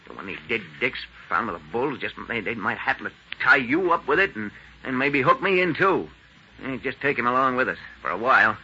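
A man's voice: medium pitch, sing-song, brisk, bright, forceful tone, husky, heavily acted. A man playing a tough, menacing gangster boss in a 1940s radio drama, talking in clipped hard-boiled slang. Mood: scheming. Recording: lo-fi old radio recording.

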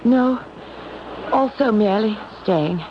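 Delicate pale young woman, old radio drama, fry in the voice, muffled lo-fi sound. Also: mid-range voice, lively intonation, slow. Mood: wistful. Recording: dull old radio recording with faint hiss.

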